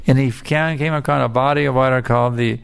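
A man's voice: medium pitch, fairly even intonation, quick pace, gravelly, clear, resonant tone. A man giving a sermon and telling a fable in a colloquial, repetitive way, often checking in with his listeners. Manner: colloquial, repetitive, keeps asking "you see?".

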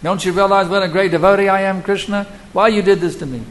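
A man's voice: high-pitched, fairly even intonation, fast, voice pushed up, lightly acted. A man voicing a self-important male devotee who demands and complains, speaking in a raised, indignant voice.

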